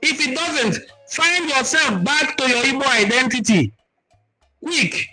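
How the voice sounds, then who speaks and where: Nigerian man, livestream host, emphatic teaching, reads viewer comments, high voice. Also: expressive, measured pace, music in the background, rough recording. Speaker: cultural talk host.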